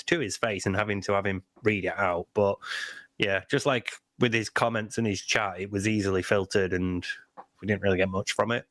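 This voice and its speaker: Low laid-back male co-host, dry. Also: steady tone, normal speed, fairly bright tone, no room sound. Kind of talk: casual podcast chat.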